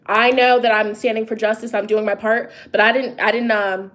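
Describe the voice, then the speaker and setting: Emphatic, chatty higher-voiced woman. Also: flat delivery, normal speed, a bit bright. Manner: emphatic, talks straight to viewers with rhetorical questions; loose and conversational, with frequent restarts and asides. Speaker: tarot reader and psychic. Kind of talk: casual vlog monologue.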